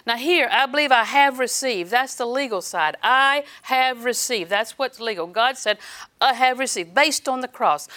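Bright, animated woman preacher. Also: fairly high pitch. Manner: animated, preachy, with laughter and acted-out asides. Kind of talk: sermon.

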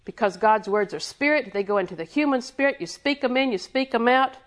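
A woman preaching in a somewhat high voice, building her points through rhythmic repetition. She puts questions to the congregation and answers them herself. Short chuckles come between her points. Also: expressive, fairly quick. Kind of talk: sermon.

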